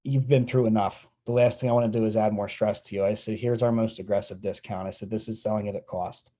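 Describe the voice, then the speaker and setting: Male guest, mellow storyteller, earnest, voices his quotes. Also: fairly low pitch, fairly even intonation, fast. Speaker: sales trainer, guest. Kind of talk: telling a personal story in an interview.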